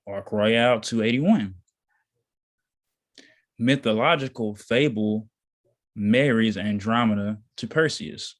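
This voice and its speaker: A man reading a text aloud slowly and deliberately, pausing now and then to comment. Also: lowish voice. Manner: slow, deliberate reading with pauses. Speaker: reader in a study session.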